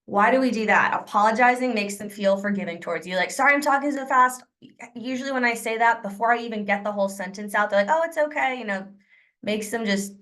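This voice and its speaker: Woman sales trainer on a video call, upbeat coaching delivery, acts out sample pitches. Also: a bit bright.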